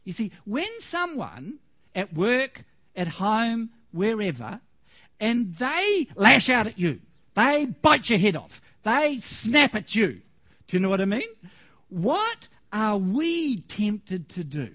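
Lively joking male preacher. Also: high-pitched, slow pace. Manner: animated, laughing, storytelling. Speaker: pastor. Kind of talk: humorous sermon.

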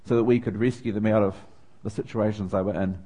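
A man's voice: fairly low pitch, steady tone, fast talker, mellow. A middle-aged man from New Zealand with a New Zealand accent, preaching a sermon and telling a personal story with growing feeling. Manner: personal storytelling with rising emotion.

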